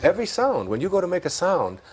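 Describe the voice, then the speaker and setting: A man with a Detroit accent, speaking as an interview guest in a thoughtful, conversational way, slowing down for key points and laughing often. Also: sits high, huge pitch swings, a little hiss or hum. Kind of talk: reflective conversational talk.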